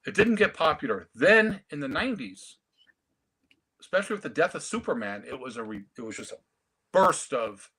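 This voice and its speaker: A man, telling stories in a casual, animated way on a video call. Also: fairly high pitch, moderate pace, breathy edge. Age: 50s. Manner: storytelling, animated. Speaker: comic collector guest. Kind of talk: casual chat.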